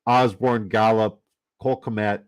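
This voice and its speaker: A man's voice: fairly low pitch, fairly even intonation, measured pace, clear, resonant tone. A man from Canada, giving loose, jokey commentary and swearing casually while running down a fantasy football draft.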